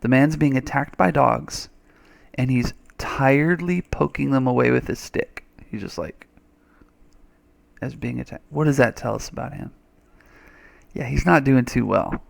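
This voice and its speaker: A man's voice: medium pitch, a little slow, vocal fry, long pauses. A man teaching a reading lesson over a screen recording, chatty and thinking aloud, with little playful sound effects.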